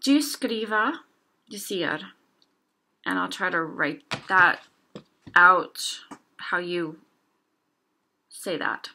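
A young woman teaching a casual language lesson, slowly sounding out example words one at a time. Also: fairly low pitch, sharp tone.

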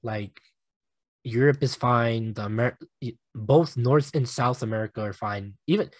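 A young man hosting a solo sports podcast, animated and emotional, swearing casually and laughing at himself. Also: medium pitch, a little slow, no room sound. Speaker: podcast host.

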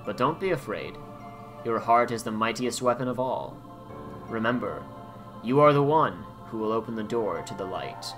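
A man voicing a mysterious male voice that speaks solemnly and slowly to a hero. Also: mid-range voice, animated, over music, pitched below the performer's own voice, close to an everyday voice.

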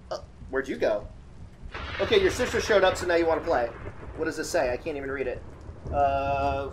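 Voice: medium pitch, background noise. A let's play host giving casual, joking gaming commentary, chatting with viewers and teasing the game's characters.

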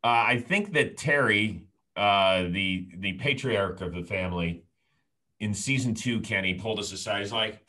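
A man, a sports commentator, telling a story in casual chat, animated and laughing as he acts out what people said. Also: lowish voice, moderate pace, rough recording.

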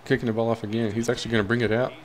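A man's voice: medium pitch, little pitch movement, very fast, a little hiss or hum. A young man casually commentating his own football video game, cheering and groaning at the plays. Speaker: gaming commentator.

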